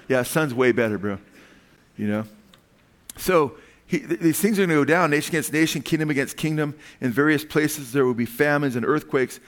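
A pastor preaching a sermon in a casual, conversational way. He often checks in with the congregation by asking "amen?" and swings between loud emphasis and quiet, hushed lines. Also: fairly high pitch. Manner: conversational preaching, frequent "amen?" call-outs.

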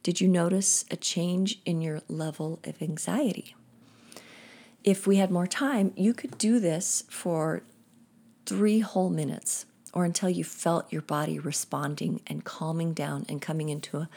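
A woman hosting a podcast, leading a guided meditation in a slow, soothing way and chanting syllables in rhythm. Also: low voice, a little mellow, husky.

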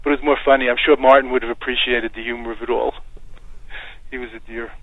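An American man, a Buddhist teacher, giving calm, meandering interview answers and leading a guided meditation. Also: medium pitch, dry recording. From United States. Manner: calm, unhurried, meandering with soft fillers. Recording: tinny phone-like line, dry.

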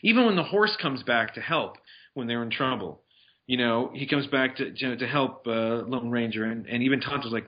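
A man's voice: medium pitch, lively intonation, normal speed. A man talking casually about films he has seen, rambling with restarts and fillers. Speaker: film reviewer. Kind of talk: casual movie review chat. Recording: dull lo-fi sound.

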